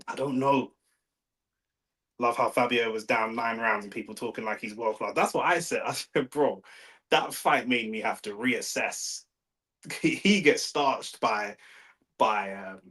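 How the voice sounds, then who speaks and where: This young man with a London accent, from London, England, hosts a live fight watch-along stream and chats casually in slang. Relaxed in manner, he swears and reads the chat out. His mid-range voice is fairly bright, but the audio is poor.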